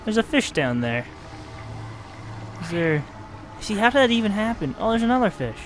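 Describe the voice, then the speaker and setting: A man commentating his playthrough of a game, excitable, swinging from muttering to yelling. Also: sits high, moderate pace, background noise. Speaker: gaming video host. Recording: music from the game behind the voice.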